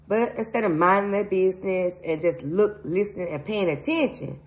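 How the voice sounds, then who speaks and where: A woman's voice: mid-range voice, moderate pace, rough recording. A woman, rambling emphatically to her viewers in a casual spiritual vlog. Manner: rambling, emphatic, frequent laughs, addresses viewers as y'all. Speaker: psychic medium channel host.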